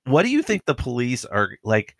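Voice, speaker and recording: A man's voice: medium pitch, wildly swooping pitch, moderate pace, dry recording. A man who is a police officer, talking casually and profanely, rambling with lots of "like" and "dude.". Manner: rambling, profane, heavy use of filler "like". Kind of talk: casual podcast chat.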